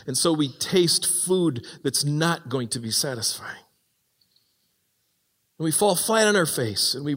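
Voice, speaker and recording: A man with a high voice preaches a sermon in a church, and his words ring out with a long hall reverb. He talks in an animated way and acts out the voices of the people he quotes. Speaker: pastor.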